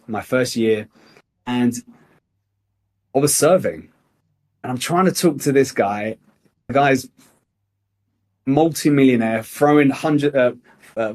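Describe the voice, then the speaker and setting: A young male sales coach giving a motivational lesson. He talks in an emphatic, blunt way and swears freely. His voice sits at an ordinary male pitch. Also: darkish tone. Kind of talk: motivational teaching talk.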